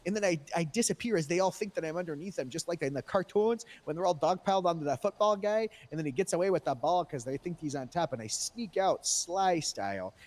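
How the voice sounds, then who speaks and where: A man's voice: on the high side, expressive, fast, hardly any pauses, darkish tone. A man telling a rambling, profane tall tale in character during a role-play game. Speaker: role-playing police character.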